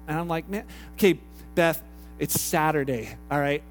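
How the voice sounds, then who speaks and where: A man's voice: on the high side, steady tone, moderate pace, faint music behind. A middle-aged man from Canada preaching a conversational sermon as a pastor, repeating phrases and acting out little dialogues. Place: church hall.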